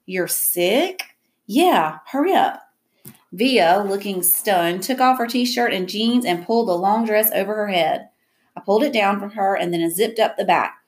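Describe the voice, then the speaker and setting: A woman reading a first-person novel aloud in an even, reflective way. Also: mid-range voice, moderate pace. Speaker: audiobook narrator.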